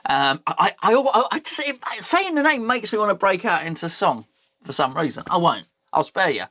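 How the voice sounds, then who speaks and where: A man's voice: high voice, very animated, normal speed, pushed and bright, dry recording. A man hosting a fan channel, talking football in a rambling, jokey way that keeps correcting itself. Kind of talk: casual football chat.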